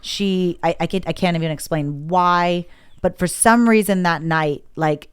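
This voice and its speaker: At a measured pace, a woman with a smooth, fairly low voice tells a personal story as a podcast guest. It's candid and emotional casual interview storytelling, with frequent lively impressions of what others said.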